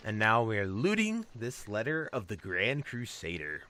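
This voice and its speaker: A man hosting a game video, narrating his playthrough in a relaxed, upbeat way. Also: medium pitch, slow pace. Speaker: gaming video host. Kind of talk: casual game playthrough commentary.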